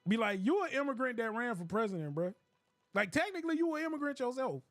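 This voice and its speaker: A man streaming a game, riffing in a joking, animated rant with laughs. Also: very high-pitched, a little fast, no room sound. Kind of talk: casual comedic commentary while gaming.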